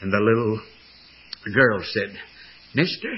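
An older man preaching a fervent storytelling sermon, with a raspy voice. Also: a little high, expressive, normal speed, muffled recording, a little hiss or hum.

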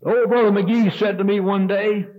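A man's voice: sits high, steady tone, moderate pace. A man, preaching a revival sermon with a fervent, rising and falling cadence in a church. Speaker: Baptist preacher. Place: church sanctuary. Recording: dull lo-fi sermon tape.

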